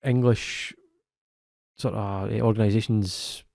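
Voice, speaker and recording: A man's voice: on the low side, steady tone, gravelly, a little mellow, dry recording, studio quality. A man co-hosting a football podcast in a casual, chatty way, often restarting his sentences. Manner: chatty, self-correcting, quick laughs. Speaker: podcast co-host. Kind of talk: casual chat.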